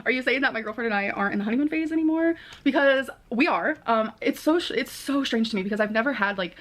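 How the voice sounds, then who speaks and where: A woman's voice: fairly high pitch, expressive, quick pace, a bit bright. A woman speaking earnestly in a rambling confessional vlog, full of "like" fillers. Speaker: vlogger.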